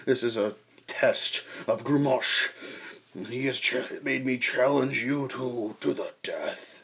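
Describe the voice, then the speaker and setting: A man voicing a boastful male orc villain who challenges the party to a fight to the death, in a slow, drawn-out taunting way. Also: mid-range voice, fairly bright tone, breathy edge, full character voice.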